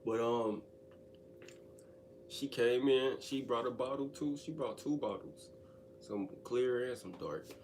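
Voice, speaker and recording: A man telling a story in a casual storytime monologue, slangy and animated, and speaking directly to his listeners. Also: medium pitch, slow pace, long pauses, slight background noise.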